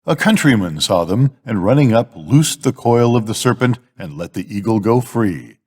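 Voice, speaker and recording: An older man reads fables aloud as a bedtime story, his pitch rising and falling in lively storytelling. He keeps a measured, steady delivery. A long hall reverb trails behind his voice. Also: husky. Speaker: grandfather reading to a grandchild.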